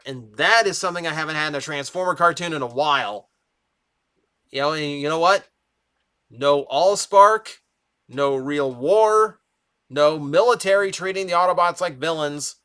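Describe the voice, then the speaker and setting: A man's voice: on the high side, sharp tone. A young man casually reviewing a cartoon, enthusiastic and rambling with fillers, his voice a little strained from long talking.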